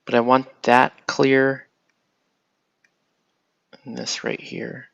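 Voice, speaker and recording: A man's voice: medium pitch, drawn-out words, gravelly, dry recording, dull audio. A man casually talking through painting a miniature, thinking aloud and trailing off as he works. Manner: relaxed, thinking aloud while painting, trailing off mid-sentence. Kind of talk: casual painting tutorial talk.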